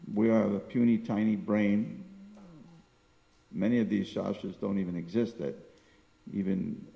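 A man's voice: sits low, vocal fry, dark tone, big-room sound, poor audio. An older man giving a sermon on scripture, wandering through his points and reciting verses. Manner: discursive, searching for words, reciting Sanskrit verses. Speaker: spiritual teacher.

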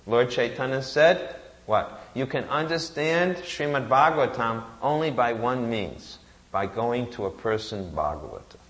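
A man's voice: medium pitch, lively intonation, measured pace, a bit bright. A man giving a sermon, reciting Sanskrit verses and asking rhetorical questions that he answers himself. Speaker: preacher.

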